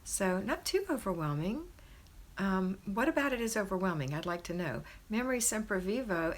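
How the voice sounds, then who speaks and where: With a fairly low pitch and slight background noise, a middle-aged woman hosts a homemaking stream indoors at her parents' house. She reads viewers' comments and cheers them on in a warm, encouraging way.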